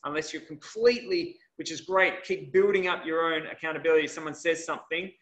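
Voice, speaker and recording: Bright-voiced male coach on a video call. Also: fairly high pitch, a little fast, reverberant. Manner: earnest and conversational. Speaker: health and wellness coach.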